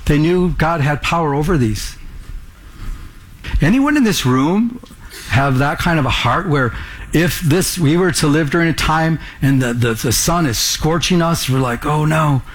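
A pastor with a slightly high, animated voice preaches to a congregation in the room at a measured pace. He is earnest and presses his listeners with rhetorical questions.

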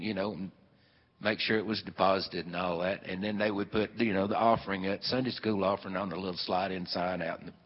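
An older man, telling a rambling, folksy family story with many fillers. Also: fairly low pitch. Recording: long hall reverb, dull lo-fi sound.

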